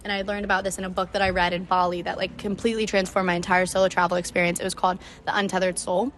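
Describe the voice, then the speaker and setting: Fast-talking young woman telling a story. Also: fairly low pitch, little pitch movement, a bit bright, slight background noise. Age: young adult. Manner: chatty, emotional, heavy use of "like". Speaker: podcast host. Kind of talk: casual solo storytelling.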